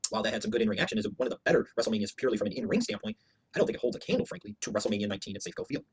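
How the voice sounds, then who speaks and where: A man's voice: on the low side, big pitch swings, rapid-fire, husky. A man giving a heated, profane, opinionated review rant as a wrestling show reviewer, hammering his points with emphatic repetition.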